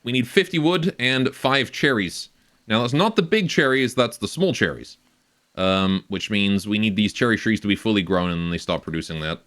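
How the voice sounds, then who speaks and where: A man's voice: lowish voice, expressive, moderate pace, a bit bright. A young man casually commenting on his game live, rambling, joking and often laughing, on a close cheap stage mic. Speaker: game streamer.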